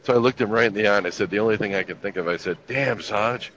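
A man's voice: on the low side, very fast, fairly bright tone, a little hiss or hum. A man in his fifties telling army stories in casual chat, with a laid-back, profane, wry delivery. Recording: dull lo-fi recording with faint ambience.

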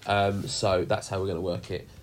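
A man's voice: deep voice, flat delivery, moderate pace, a little hiss or hum. A man leading a youth group chat on a video call, jokey and rambling with lots of fillers.

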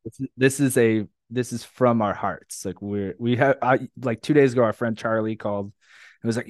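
A man's voice: mid-range voice, fairly quick, no room sound, studio quality. A middle-aged man hosting a podcast, chatting in a rambling way and laughing often. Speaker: podcast host. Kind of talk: casual podcast chat.

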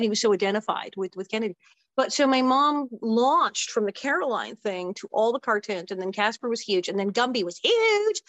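A woman in her sixties, an interview guest, telling stories in an animated, casual way with quick asides. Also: medium pitch, no echo. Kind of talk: casual storytelling.

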